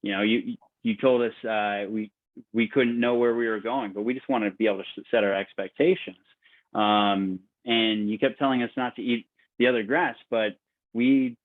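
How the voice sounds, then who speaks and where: A man's voice: lowish voice, close to an everyday voice. A man voicing a weary flock of sheep airing complaints, over tinny call audio.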